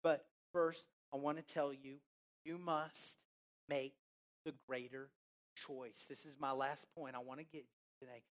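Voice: mid-range voice, flat delivery. Emphatic preacher urging a congregation. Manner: emphatic, drawn-out words with big swings in loudness; asks the congregation questions and has them repeat phrases. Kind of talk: sermon.

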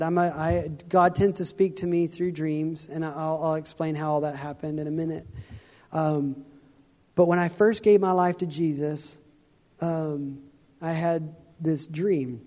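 A man's voice: a little high, fairly even intonation, a little slow, mellow. A man giving an earnest, informal testimony sermon from a stage, often restarting and chuckling as he talks. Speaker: traveling evangelist giving his testimony. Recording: long hall reverb.

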